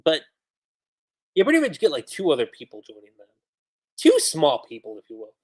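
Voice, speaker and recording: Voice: mid-range voice, huge pitch swings, normal speed, a little mellow, slightly rough. A manga reviewer recapping chapters on a casual livestream, chatty and laughing often.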